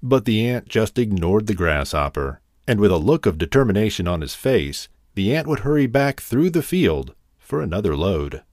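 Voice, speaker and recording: A man narrating a children's fable as a storyteller, with a gentle, expressive reading. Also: fairly low pitch, normal speed, hardly any pauses, dry recording, clean studio sound.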